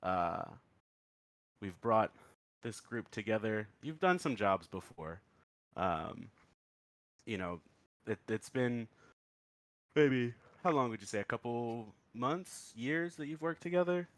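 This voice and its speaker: A man running a tabletop game as game master, telling the story in a relaxed, easygoing way. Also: medium pitch, slow, long pauses, no echo.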